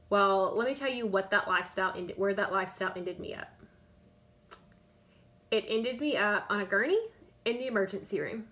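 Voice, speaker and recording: A woman's voice: medium pitch, a bit bright. A woman in her thirties or forties, talking on a live stream as a diet coach, chatty and repeating herself, calling out viewers by name. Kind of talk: Facebook Live talk.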